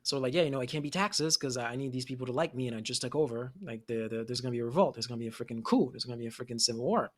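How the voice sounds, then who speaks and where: Animated laughing man talking anime. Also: mid-range voice, racing, hardly any pauses. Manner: animated, laughs often, acts out characters' lines. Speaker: podcast co-host. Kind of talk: casual anime discussion.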